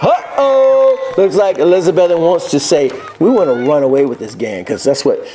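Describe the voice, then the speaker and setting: High, lively man narrating football clips. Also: normal speed, slight background noise. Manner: excited, whooping, jokey asides to viewers. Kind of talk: casual play-by-play over game footage.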